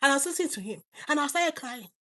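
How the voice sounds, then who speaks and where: Fervent Nigerian woman preaching, high voice. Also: animated, racing. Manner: fervent, swinging between loud exclamations and low asides. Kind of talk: sermon.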